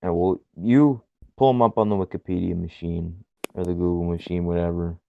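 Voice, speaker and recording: A man co-hosting a casual wrestling podcast, wry and quick to laugh. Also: deep voice, steady tone, vocal fry, dry recording. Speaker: podcast co-host. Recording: dull lo-fi dry recording.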